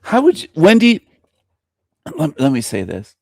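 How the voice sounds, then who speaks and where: A man's voice: on the high side, wildly swooping pitch, measured pace, creaky, a little mellow, dry recording, clean studio sound. A man hosting a radio show, delivering an opinionated monologue with emphatic repetition and frequent chuckles. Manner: emphatic, repeats himself, chuckles between lines.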